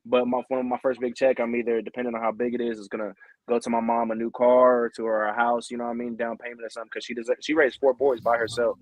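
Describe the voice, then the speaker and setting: A man's voice: medium pitch, flat delivery, fast, dry recording, muffled recording. A young man chatting on a podcast in a rambling, earnest way, often tagging on "you know what I mean". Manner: earnest and heartfelt. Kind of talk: casual podcast chat.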